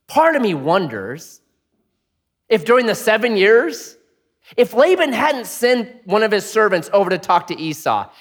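Animated preacher man in an echoing hall. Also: high-pitched, moderate pace, slightly rough. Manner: animated storytelling, swings from loud to hushed. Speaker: pastor. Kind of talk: sermon. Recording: long hall reverb.

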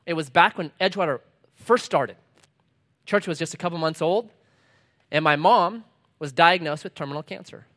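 A middle-aged man preaching a sermon as pastor, swinging between loud punchy lines and quiet low asides, reading scripture slowly and deliberately.

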